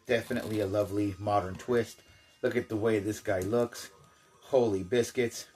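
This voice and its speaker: Older man, slightly low voice, rambling casual unboxing chatter with jokes. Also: fairly even intonation, normal speed, a little mellow. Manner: rambling, chatty, jokey asides. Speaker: toy collector.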